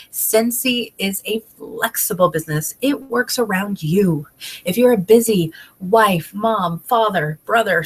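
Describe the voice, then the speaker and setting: A woman's voice: mid-range voice, a bit bright. A woman in her thirties talks straight into a webcam, chatty and upbeat, running a casual team training. Her voice is stuffy and congested from a head cold, and she keeps her energy up anyway. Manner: chatty and upbeat, many fillers. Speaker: direct sales team trainer. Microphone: webcam video call.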